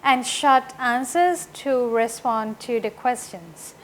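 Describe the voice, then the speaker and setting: A woman teaching an English grammar lesson, explaining slowly and often checking with "right?". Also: a little high, a bit bright, a little hiss or hum.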